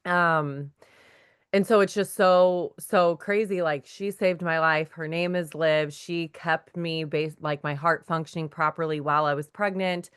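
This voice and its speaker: A talkative woman tells her testimony to a faith group. Her voice sits low and sounds smooth and clear. She acts out the words of the people in her story as she goes. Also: steady tone, measured pace, fairly bright tone. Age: 30s. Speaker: guest sharing her testimony. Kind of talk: personal testimony in a faith meeting.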